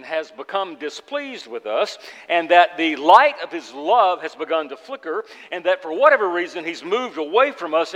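A man preaching a sermon in an earnest, halting way, often restarting his words. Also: sits high, a bit bright. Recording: long hall reverb.

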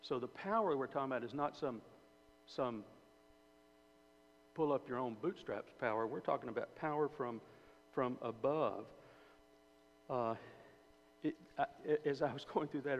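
A man preaching a sermon in a conversational way, asking his listeners questions and often repeating and restarting phrases. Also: medium pitch. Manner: conversational, asks the audience, repeats words and restarts. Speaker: preacher or Bible teacher. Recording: dull hall recording with faint hum.

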